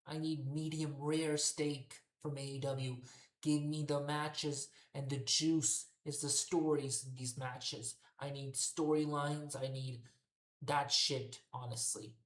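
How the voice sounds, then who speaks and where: A man hosting a wrestling commentary show, ranting in an exasperated way and swearing constantly. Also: fairly high pitch. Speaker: wrestling podcast host. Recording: echoey roomy recording.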